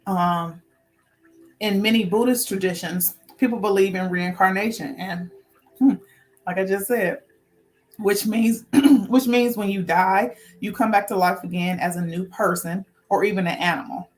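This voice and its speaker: A woman with a mid-range voice and steady tone speaks a little slowly, hosting a casual spiritual talk with notes. Earnest and informal, she rambles and restarts sentences, talking herself through her points.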